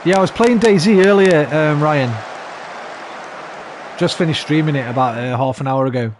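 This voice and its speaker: This male streamer's voice sits a little high and moves at a normal speed. Playing a football management game live, he chats easily with his viewers but swears and erupts in frustration whenever the match turns against him, all over a noisy background.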